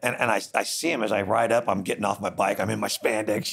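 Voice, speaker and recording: A middle-aged man with a low, gravelly voice tells a story on a podcast. He talks casually and acts out each line of dialogue with lively energy. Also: brisk, hardly any pauses. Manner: animated, acts out dialogue in quotes. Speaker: podcast host. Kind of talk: conversational storytelling.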